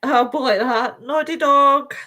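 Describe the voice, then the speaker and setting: A woman's voice: sits high, measured pace. Chatty, tired woman hosting a live stream. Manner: chatty and animated, with many fillers. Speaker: show host reading viewer comments. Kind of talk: casual live-stream chat.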